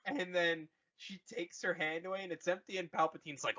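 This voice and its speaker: A man's voice: high voice, steady tone, a little fast, bright, forceful tone, dull audio. An out-of-breath man on a podcast, rambling through a movie recap with lots of swearing and laughter. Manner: profane, giddy, lots of laughing. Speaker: podcast co-host retelling a movie. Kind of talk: rambling comedic recap with funny voices.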